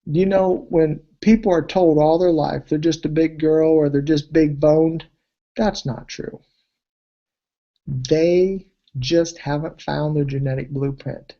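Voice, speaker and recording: Animated man telling testimonial stories. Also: slow, highs cut off. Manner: animated, voice jumps high when excited. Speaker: weight-loss program presenter. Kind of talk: testimonial storytelling speech.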